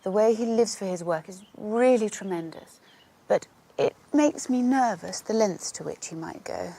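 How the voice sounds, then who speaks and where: An actress playing a flighty doctor's wife who chatters in an airy, scatterbrained way. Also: female voice, mid-range voice, animated, normal speed, warm tone.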